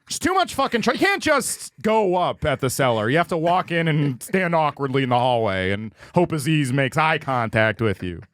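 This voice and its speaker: A man's voice: sing-song, moderate pace, hardly any pauses, a bit bright, dry recording, clean studio sound. A man in his thirties doing an impression of a crude, grumbling male comedian who curses constantly. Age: 30s. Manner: profane, grumbling, mumbling low.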